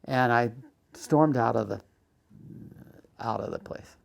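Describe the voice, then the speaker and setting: Older guy with a gravelly voice telling his life story, halting and emotional, loud when he acts out old fights. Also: mid-range voice.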